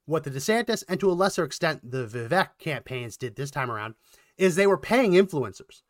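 A man co-hosting a political commentary podcast, talking in a quick, animated way and getting worked up. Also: a little high, no echo, clean studio sound. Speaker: podcast co-host.

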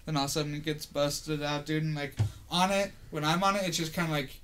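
A man's voice: a little high, fairly even intonation, fast, fairly bright tone, slight background noise. Young man rambling with "like" and "dude". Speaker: streamer co-host. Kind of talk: casual chat.

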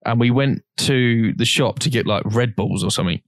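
A man's voice: mid-range voice, normal speed, no echo, studio quality. A young man co-hosting a podcast, telling a long story in a rambling, casual way with plenty of swearing. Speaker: podcast co-host. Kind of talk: casual chat.

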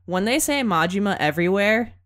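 A woman in casual chat about a video game, thoughtful and measured, getting high and giggly when amused. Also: lively intonation, fairly bright tone. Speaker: co-host discussing a video game.

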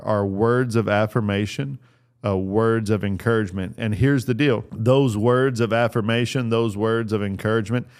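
Man, middle-aged, earnest sermon-style delivery, smooth resonant voice, lowish pitch, repeats phrases. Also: darkish tone. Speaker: speaker on fatherhood.

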